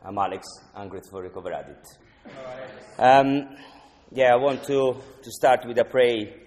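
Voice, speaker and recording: A man speaking at a recovery meeting, sharing in an earnest, halting way with restarts. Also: medium pitch, a little mellow. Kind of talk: personal share at a recovery meeting. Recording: long hall reverb.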